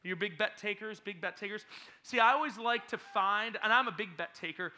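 Man, youth pastor, playful talk to a youth group, very bright tone, church hall. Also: high-pitched, brisk. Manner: energetic, teasing, quizzing the audience.

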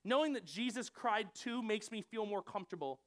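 A man giving a conversational sermon to a room, animated and casual, often acting out what people might say. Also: sits high, moderate pace. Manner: conversational, animated, acts out quoted voices. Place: church room with audience.

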